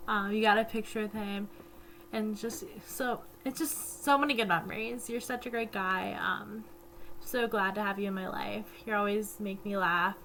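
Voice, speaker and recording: A woman's voice: medium pitch, fairly even intonation, normal speed, a bit bright, a little hiss or hum. A woman who works at a camp, recording a giggly, affectionate video message with many ums. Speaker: camp staff member.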